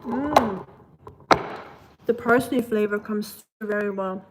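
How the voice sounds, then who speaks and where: A woman hosting a casual live cooking stream, chatting with viewers in a relaxed way. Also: medium pitch, slow. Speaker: livestream cooking host.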